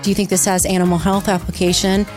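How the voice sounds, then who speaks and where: A woman, a startup founder, answering questions in an interview in a lively, explanatory, conversational way. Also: mid-range voice, quick pace, faint music behind. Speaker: guest, startup co-founder and CEO.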